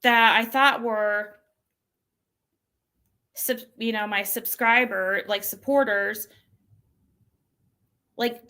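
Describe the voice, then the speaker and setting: A woman hosting her own channel, venting casually and exasperatedly, mimicking the messages she received. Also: pushed and bright. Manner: venting, exasperated, mocks quoted texts in a shrill voice. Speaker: channel host. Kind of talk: casual livestream rant.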